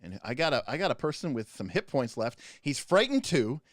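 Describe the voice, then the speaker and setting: A man's voice: mid-range voice, sing-song, brisk. A man running an online tabletop game as game master, rambling and laughing often.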